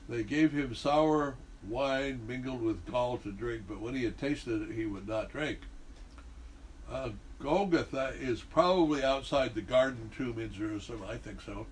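A man teaching the Bible, reading verses aloud and then explaining them in a relaxed, conversational way with frequent hesitations. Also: medium pitch, a little hiss or hum, low-quality recording.

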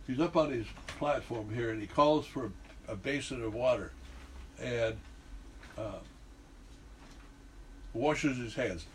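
A man's voice: medium pitch, slow pace, long pauses, darkish tone, slight background noise, poor audio. Man teaching scripture conversationally. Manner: conversational, reads scripture then explains with hesitations. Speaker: Bible teacher. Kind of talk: informal Bible teaching.

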